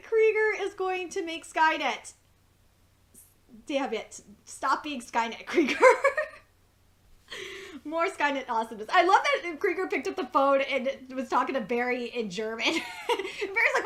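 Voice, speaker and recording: A woman giving a casual, excitable spoken review of a TV episode. She laughs often and swears freely. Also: high voice, unhurried, long pauses.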